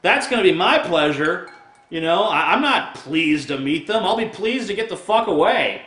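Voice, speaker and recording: Loud, profane man ranting sarcastically. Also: high-pitched, expressive, moderate pace, echoey room. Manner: crude, sarcastic, laughing at his own jokes. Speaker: video blogger. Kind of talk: profane comic rant to camera.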